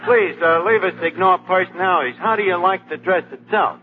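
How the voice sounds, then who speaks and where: A man's voice: high-pitched, a little fast, phone-quality sound, lightly acted. A man playing a brash, wisecracking, pompous tavern manager in 1940s radio comedy, on a scratchy old broadcast. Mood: scheming. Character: fast-talking scheming male tavern manager. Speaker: comic lead in a radio comedy.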